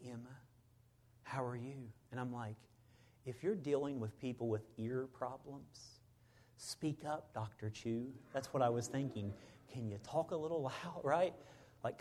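A middle-aged man, a preacher, telling a personal story in a sermon, swinging between loud bursts and hushed moments. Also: mid-range voice, normal speed.

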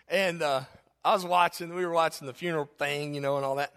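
Male pastor, high bright voice, comic sermon storytelling, chuckles at his own jokes. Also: fast, clean tone. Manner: laughs often at his own stories, animated.

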